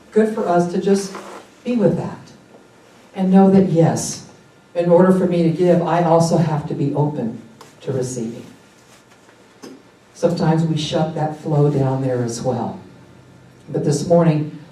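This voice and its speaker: A woman giving a sermon at a church service, enthusiastic and animated, with excited exclamations. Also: sits low. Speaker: guest speaker at a church service. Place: large sanctuary during a service. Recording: echoey hall, picked up from a distance.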